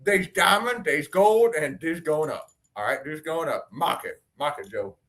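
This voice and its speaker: A man's voice: on the high side, lively intonation, a little slow, a bit bright. Playful, mock-brash male host. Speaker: co-host of an investing show. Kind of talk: joking stock chart chat.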